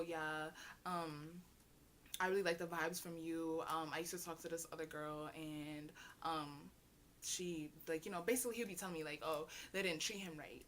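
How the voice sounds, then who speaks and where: A young adult woman telling a storytime vlog in a chatty, slangy, animated way, bursting into shrieks. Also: on the low side, slight background noise. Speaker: vlogger.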